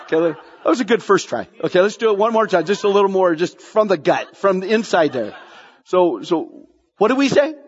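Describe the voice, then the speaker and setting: A man's voice: high-pitched, fairly quick, a little hiss or hum. A man preaching a sermon, repeating key phrases and asking the congregation questions. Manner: animated preaching, repeats lines for emphasis, asks the congregation questions. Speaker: pastor. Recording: dull sound, long hall reverb.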